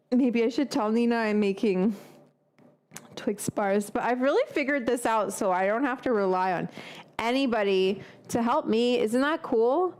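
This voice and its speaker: Female streamer, cooking at home, loose and tangent-prone, voice sitting a bit high. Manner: chatty, tangent-prone, casual swearing, quick laughs. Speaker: live-stream cooking host. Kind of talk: rambling live-stream chat. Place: home kitchen.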